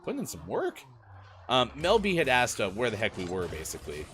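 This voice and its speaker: A man's voice: mid-range voice, a little fast, slight background noise. A man co-hosting a gaming morning show, talking casually and energetically to the stream chat while getting over a cold. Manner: chatty, energetic, talks to chat directly. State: recovering from a cold, voice a bit worn.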